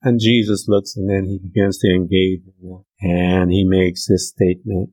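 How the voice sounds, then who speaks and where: A man preaching a casual sermon, telling scripture stories in a conversational, slangy way and acting out the characters' lines with sudden jumps in pitch. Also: flat delivery, normal speed, few pauses, dark tone, rough recording.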